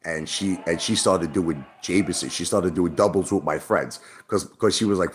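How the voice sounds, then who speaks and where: A middle-aged man from Brooklyn, New York, hosts a casual livestream chat in a low voice at normal speed with few pauses. He rambles, swears and repeats himself as he talks.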